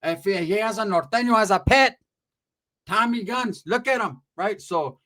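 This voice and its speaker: A middle-aged man telling a comic story in a profane, animated way, acting out the voices of others. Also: high voice, moderate pace.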